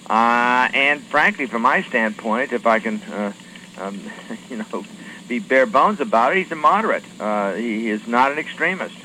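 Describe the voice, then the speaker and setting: A man with a fairly low, bright, forceful voice, taking questions from radio stations as a lawmaker. He talks haltingly, filling gaps with many hesitations and restarting his sentences. A faint hiss sits under the voice. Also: rough recording. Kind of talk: radio call-in interview.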